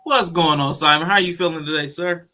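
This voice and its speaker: A man hosting a casual stream chat, talking quickly and restarting his sentences as he greets people. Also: fairly high pitch, sharp tone. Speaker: host.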